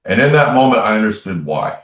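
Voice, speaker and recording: Very deep-voiced man telling his story. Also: big pitch swings, a little fast, a bit bright, echoey room, far from the mic. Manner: earnest, repeats phrases for emphasis. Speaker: interview guest, tarot reader and medium. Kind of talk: reflective personal storytelling.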